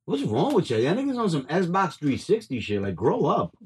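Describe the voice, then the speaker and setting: A man's voice: a little high, wildly swooping pitch, moderate pace, slightly rough. A man hosting a casual talk show, joking loosely in crude slang. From Puerto Rican and Dominican heritage. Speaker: podcast host.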